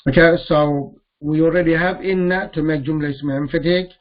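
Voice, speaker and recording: A man teaching Arabic grammar in a classroom lesson, explaining slowly and repeating the words he recites. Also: on the high side, steady tone, dull audio.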